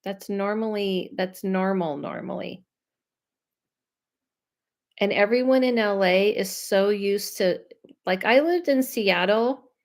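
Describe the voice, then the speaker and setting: A woman from Los Angeles, a medium and host of her own live stream, chatting loudly and casually with viewers and reading out their comments. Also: mid-range voice, slow pace, long pauses. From Los Angeles, USA. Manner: loud, chatty, trails off and restarts, laughs often.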